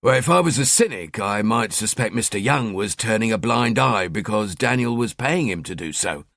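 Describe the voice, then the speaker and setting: A man's voice: animated, normal speed, gravelly, a bit bright, no room sound, studio quality. A man voicing a brooding, terse male detective inspector in an audiobook. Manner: terse, low-key.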